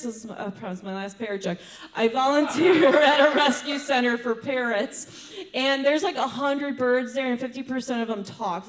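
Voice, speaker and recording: A middle-aged woman performing a stand-up comedy set, chatty with quick asides and laughing at her own jokes. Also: a little high.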